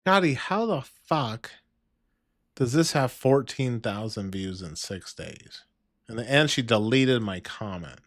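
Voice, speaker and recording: A man's voice: medium pitch, lively intonation, takes it slowly, no echo, clean studio sound. A man hosting a livestream, reacting to videos with crude, mocking commentary and muttered asides.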